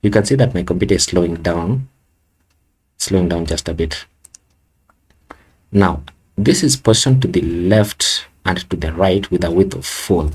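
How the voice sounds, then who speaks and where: A man's voice: low-pitched, normal speed, long pauses, breathy edge. A man walking through a coding tutorial in a casual way, thinking aloud and correcting himself as he goes. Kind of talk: screen-recorded coding walkthrough.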